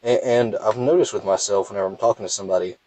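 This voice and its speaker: A man's voice: on the low side, racing, mellow, dry recording, poor audio. A young man with a thick Southern US accent, rambling and self-deprecating as he comments casually on his gameplay. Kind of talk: casual let's play commentary.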